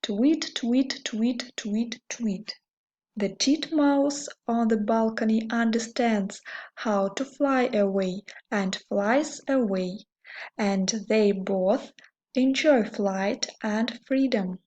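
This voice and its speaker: A woman teaching English with a Russian accent, speaking slowly and carefully and repeating words for learners. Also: a little high, darkish tone, lo-fi sound. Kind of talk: slow English lesson for learners.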